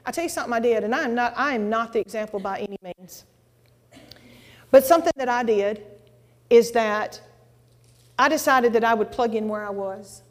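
A woman preaching a testimony sermon to a congregation, folksy and animated, with exclamations and asides. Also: a little high, normal speed, long pauses. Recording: long hall reverb.

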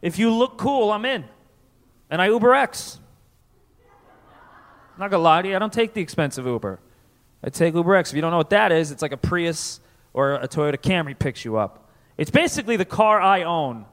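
Animated, foul-mouthed stand-up comic. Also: male voice, high-pitched, brisk, pauses often. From Connecticut, USA. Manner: animated, profane, self-deprecating. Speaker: stand-up comedian. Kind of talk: live stand-up comedy. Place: comedy festival stage before an audience. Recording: reverberant live venue.

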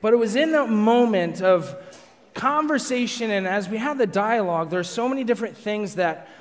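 Slightly high-voiced pastor guy, lively self-mocking storytelling, long hall echo. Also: normal speed. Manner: animated, self-deprecating storyteller acting out quotes. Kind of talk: storytelling sermon. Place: large hall with a live audience.

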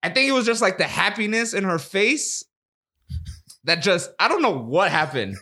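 A man telling stories in casual podcast chat, relaxed, with trailing pauses and fillers. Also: sits high. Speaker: podcast co-host.

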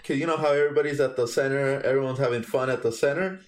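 A man's voice: medium pitch, rapid-fire. A young man from Guatemala, a podcast guest, telling a story casually with lots of swearing and acted-out quotes. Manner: animated storytelling, heavy swearing, acts out quotes.

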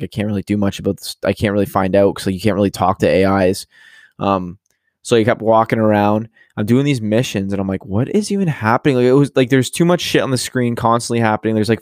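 A man rambles quickly through a casual conversation, packing his talk with fillers and the odd curse. The sound is dry and close, with no room around it. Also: medium pitch, dry recording. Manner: rambling, heavy use of "like", profane. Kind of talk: casual chat about a video game.

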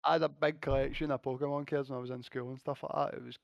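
A Scottish man in his thirties with a gravelly, fry-edged voice, chatting easily and poking fun at himself. He sounds close to the mic in a dry, dead room. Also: medium pitch, level tone, racing, no room sound, lo-fi sound. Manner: laid-back, self-mocking storytelling. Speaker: professional footballer guest. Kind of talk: casual chat.

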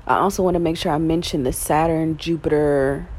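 A woman's voice: deep voice, fairly even intonation, fairly quick, darkish tone. A woman vlogging in a casual, rambling monologue, frank and swearing freely, while getting over an illness with yawns and coughs. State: recovering from illness, yawning and coughing. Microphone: self-recorded.

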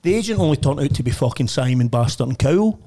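A man's voice: mid-range voice, animated, fast talker, a crowd in the background. A middle-aged man with a Scottish accent, a podcast guest swearing and chuckling his way through stories in casual chat.

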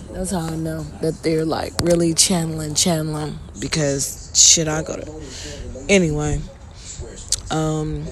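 A woman with a slightly low-pitched voice hosts her own podcast in a loose, rambling monologue. She talks bluntly and swears freely, and she yawns often as she speaks. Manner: frequent yawning. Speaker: podcast host. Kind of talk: casual monologue.

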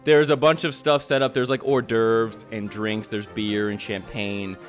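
A man's voice: fairly low pitch, little pitch movement, measured pace, faint music behind. A man narrating a tabletop game as game master, loose and often laughing.

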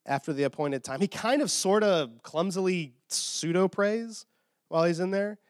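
A man preaching a sermon as a pastor, retelling a story in an animated, casual way with frequent "okay?" checks, a little tired from short sleep. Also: high-pitched, normal speed, no room sound, studio quality.

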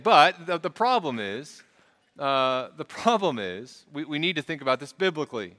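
Middle-aged guy pastor giving a sermon, bright forceful voice, long hall reverb, talks earnest and loose. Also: medium pitch, very animated, normal speed. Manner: earnest, conversational preaching with frequent restarts. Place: church sanctuary.

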